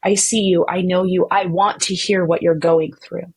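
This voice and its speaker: Earnest woman with a husky voice. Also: little pitch movement, moderate pace, poor audio. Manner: earnest, acts out quoted people with sharp pitch jumps; faith-centered, speaks with conviction. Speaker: podcast guest. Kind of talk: candid conversational interview.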